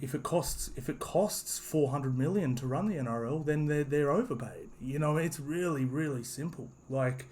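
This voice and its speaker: A man's voice: medium pitch, darkish tone, a little hiss or hum. Rambling guy giving his opinion. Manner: rambling, restarts, lots of "you know". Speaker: sports commentary vlogger. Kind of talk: casual opinion monologue.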